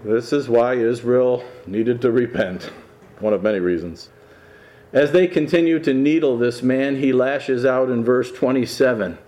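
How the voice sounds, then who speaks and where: A man's voice: mid-range voice, a little slow, mellow. A man, a pastor, teaching through a Bible passage verse by verse in an enthusiastic, emphatic way with frequent chuckles.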